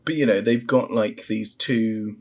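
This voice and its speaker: Man, gravelly, husky, blunt sweary rant, casual podcast chat. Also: lowish voice, darkish tone. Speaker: podcast co-host reviewing a show.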